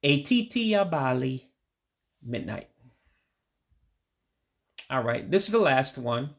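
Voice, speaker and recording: Gravelly man teaching vocabulary slowly. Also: medium pitch, expressive. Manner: patient, repeats words slowly and drops his voice on the English meaning. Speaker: language learner teaching vocabulary. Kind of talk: casual spoken language lesson.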